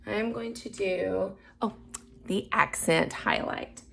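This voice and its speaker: A woman talks her way through her first makeup tutorial in a casual, self-narrating way. Her voice has a gravelly, fry-tinged edge, and she often slips into quiet murmurs as she focuses. A faint hiss of noise sits under the recording. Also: medium pitch, slow pace. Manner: chatty, self-narrating, unsure of herself; drops to soft murmurs while concentrating. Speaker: beginner makeup vlogger.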